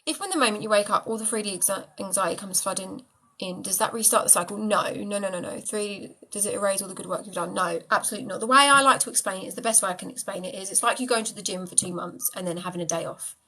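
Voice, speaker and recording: This is a woman hosting a live stream where she answers viewers' questions about manifesting. Her voice is bright and forward, and she talks in a loose, chatty way, addressing commenters affectionately as she goes. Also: medium pitch, quick pace, husky, poor audio. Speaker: manifestation coach. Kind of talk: casual live-stream chat.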